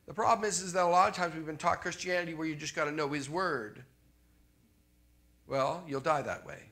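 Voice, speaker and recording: A man's voice: high-pitched, bright, forceful tone. A Canadian man preaching a sermon in a conversational way, repeating his refrains and often checking in with the congregation.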